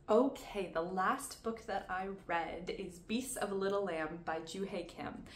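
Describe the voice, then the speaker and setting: A woman's voice: lowish voice, reverberant, slight background noise. A woman with a Canadian accent, chatting casually through her book reviews, thoughtful and laughing at her own slips. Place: room at home.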